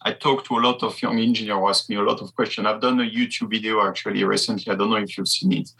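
A man with a French accent, speaking English with frequent pauses and restarts as he looks for words. His low voice is gravelly and husky, with a sharp, bright edge. He talks casually as a guest in an interview. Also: steady tone, low-quality recording. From southern France. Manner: halting, searching for words. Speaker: guest race engineer.

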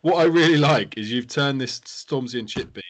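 A man hosts a casual podcast chat at a middling pitch. He teases his co-hosts and jumps in to riff on their stories in a joking way. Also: normal speed. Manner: jokey, teasing, cuts in to riff. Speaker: podcast host.

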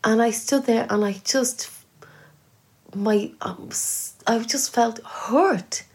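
A woman's voice: on the high side, takes it slowly, darkish tone. An Irish woman, a guest musician, talking earnestly and thinking aloud with small restarts in a casual interview. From Ireland.

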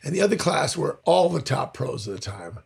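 A man's voice: fairly high pitch, a little fast. An older man, a voice actor and director, telling stories in a casual interview with a worn voice, acting out the people in his anecdotes. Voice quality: worn, gravelly voice. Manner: animated storyteller who acts out voices in anecdotes.

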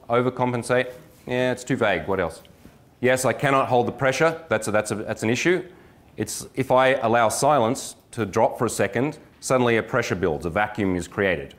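Casting: energetic middle-aged male coach, joking, acts out examples, lowish voice. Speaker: dating coach. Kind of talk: live workshop lecture.

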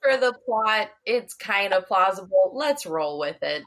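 A woman's voice: medium pitch, expressive, a bit bright. Chatty laughing woman podcaster. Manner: chatty, laughs often, quick asides with mock quotes. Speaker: podcast co-host. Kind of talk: casual chat.

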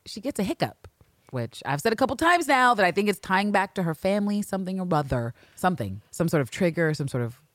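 A woman co-hosting a podcast, recapping a drama episode in quick, animated, profane casual chat. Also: medium pitch, no echo, clean studio sound. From New York City. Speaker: podcast co-host.

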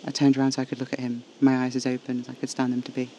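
A man narrating a first-person horror story in a hushed, intimate way. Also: medium pitch, monotone, very fast, a little hiss or hum, rough recording.

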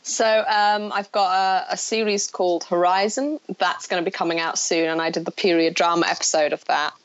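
A fairly low-pitched woman with an English accent, from Scotland, talks casually about her acting work and laughs easily between thoughts. Her voice is dry and close, with no room sound around it. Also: fairly even intonation, a little fast, no echo, highs cut off. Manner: chatty, laughs often. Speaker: actress, interview guest. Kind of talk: casual chat.

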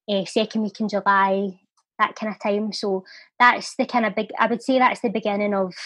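A woman's voice: mid-range voice, no room sound. A Scottish woman reading her own poem with a rhythmic, heartfelt delivery, then chatting casually as an interview guest. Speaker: guest, poet and charity volunteer. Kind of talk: poetry recital and casual interview chat.

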